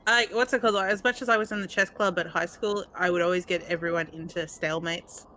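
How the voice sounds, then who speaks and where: A woman's voice: fairly low pitch, steady tone, quick pace, pushed and bright, a little hiss or hum. A woman streaming a retro game, chatting and telling rambling stories. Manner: rambling, chatty storytelling with fillers. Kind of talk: casual chat.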